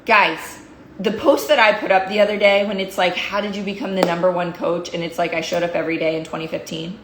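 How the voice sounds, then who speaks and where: A woman's voice: lowish voice, fairly even intonation, a little fast, noisy background. Woman coach, emphatic motivational speaker who hammers points through repetition; recorded in a roomy, echoey space. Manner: fired-up, emphatic, repeats phrases for emphasis. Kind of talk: motivational talk to followers. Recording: roomy echo.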